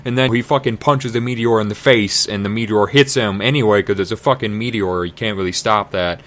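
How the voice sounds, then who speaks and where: A man's voice: lowish voice, brisk, fairly bright tone. A man retelling a video game's story as comedy, sarcastic and profane. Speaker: comedic game recapper.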